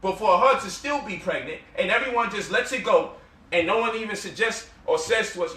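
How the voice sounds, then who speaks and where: A guest speaker delivers an impassioned, lecture-style talk in a high, brisk, fairly bright voice. He fires off rhetorical questions and mocking quotes, picked up by a distant mic in an echoey room.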